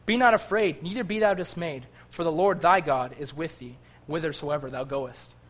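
A man's voice: a little high, moderate pace. A man preaching a sermon with fervor, reading scripture aloud and rising to impassioned cries.

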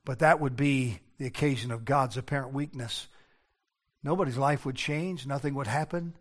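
An older man, a pastor, preaching a sermon earnestly, moving between hushed low passages and raised urgent ones. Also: moderate pace.

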